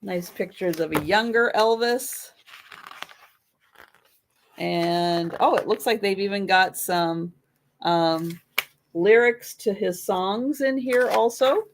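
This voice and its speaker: Slow, chatty woman hosting a sale. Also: mid-range voice, a little hiss or hum. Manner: chatty, rambling, full of restarts. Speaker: host of a live sale. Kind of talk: casual live-stream chat.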